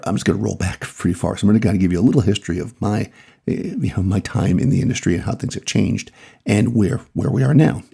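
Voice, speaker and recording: A middle-aged man with a Massachusetts accent, hosting his podcast and talking out loud in a loose, rambling way with small laughs. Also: lowish voice, creaky, breathy edge. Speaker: podcast host, photographer. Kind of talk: casual solo podcast monologue.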